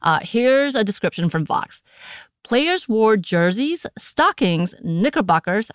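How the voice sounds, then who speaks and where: An American woman co-hosting a podcast in a casual chat, animated and laughing often, recorded close to a studio mic. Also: medium pitch, takes it slowly, smooth, no room sound. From United States. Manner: chatty and animated, often laughing, breaks into put-on voices. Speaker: podcast co-host.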